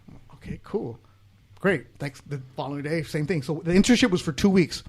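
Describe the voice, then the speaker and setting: Animated storyteller with a high male voice. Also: fairly quick, breathy edge. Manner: animated storyteller acting out quotes, swearing freely. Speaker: guest sports broadcaster. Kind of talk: casual podcast storytelling.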